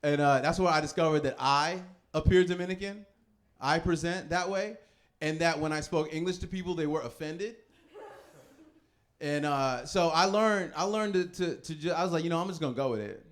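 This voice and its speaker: A man in his thirties performs a stand-up comedy set with a fairly high voice. He tells stories in a loose, laughing way and jumps quickly into other people's voices.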